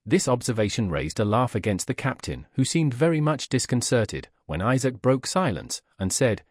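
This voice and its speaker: A man narrating a classic novel aloud as an audiobook in an expressive, lively reading. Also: medium pitch, normal speed, hardly any pauses, dry recording, studio quality.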